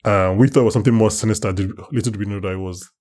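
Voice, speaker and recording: A man's voice: fairly low pitch, very fast, darkish tone. A man co-hosting a casual podcast chat, talking animatedly and acting out his own reactions. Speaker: podcast co-host.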